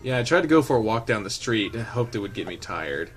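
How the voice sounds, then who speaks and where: A man's voice: on the low side, very animated, quick pace, faint music behind. A man reading a story game aloud, breaking into laughter and swearing at what he reads. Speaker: streamer reading a visual novel. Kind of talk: casual game reading with reactions.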